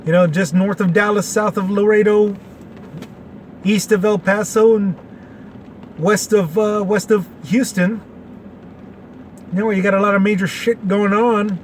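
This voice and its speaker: A man's voice: high voice, fairly even intonation, measured pace, long pauses, a little hiss or hum. A man in his late forties from Texas, hosting a casual opinion show in a rambling, folksy way with many fillers. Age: 40s. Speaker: podcast host.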